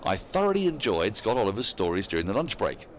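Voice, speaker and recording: Speak low in your register and let the pitch swing freely, a man commentating live cricket. Keep it chatty, break into easy laughs, and slip into reading listener emails between deliveries. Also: sing-song, fast talker, slight background noise.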